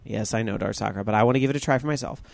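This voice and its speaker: A man's voice: on the low side, very fast, creaky, a little mellow. A man hosting a podcast, wrapping up the show in a casual, rambling way with many fillers. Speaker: podcast host.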